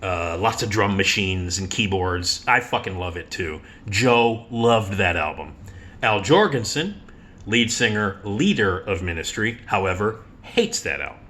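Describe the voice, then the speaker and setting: A middle-aged man spins stories in a casual monologue, with a bright, forceful voice. He swears freely and laughs at his own stories. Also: fairly low pitch, unhurried. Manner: animated, profane, laughs while telling stories. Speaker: radio host.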